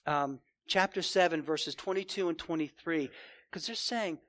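A man's voice: fairly high pitch, normal speed, a bit bright. A man preaching a sermon as a pastor, emphatic, with frequent rhetorical questions to his congregation.

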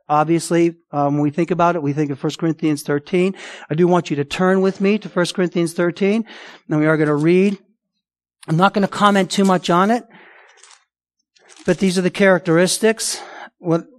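Emphatic high-voiced male preacher. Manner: emphatic preaching, rhetorical questions to the congregation. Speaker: pastor. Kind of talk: sermon.

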